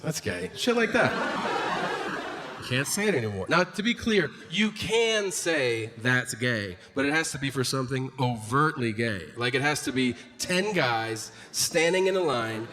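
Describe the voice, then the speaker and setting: A man doing a stand-up comedy routine on stage, profane and acting out both sides of exchanges in mocking voices. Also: fairly high pitch. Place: comedy stage before a live audience. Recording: noisy live stage recording.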